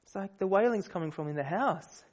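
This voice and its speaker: A man preaching a sermon, telling a story in a relaxed, conversational way with fillers and restarts. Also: sits high, brisk.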